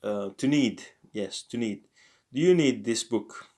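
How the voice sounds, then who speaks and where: Man, language teacher, slow unhurried pace, halting, lots of fillers, corrects himself. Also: mid-range voice, lively intonation, a little mellow. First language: French. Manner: slow, halting, thinks aloud with many fillers and self-corrections. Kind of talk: casual online language lesson.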